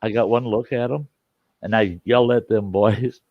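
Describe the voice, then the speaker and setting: An older man, the host, telling a story in a folksy, chuckling way with rough country grammar, on a dull, dry lo-fi recording. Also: on the low side, fairly even intonation, normal speed, no room sound. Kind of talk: casual spoken storytelling.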